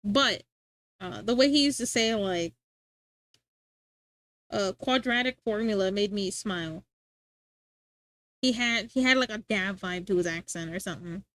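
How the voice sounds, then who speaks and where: A woman's voice: mid-range voice, unhurried, long pauses, fairly bright tone, dry recording. A young adult woman streaming, rambling in casual chat and answering her chat, often restarting her sentences.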